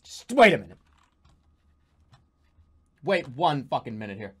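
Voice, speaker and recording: A man streaming a video game live, reacting excitably with lots of swearing and laughter. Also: medium pitch, a little slow, husky. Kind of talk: live gaming commentary.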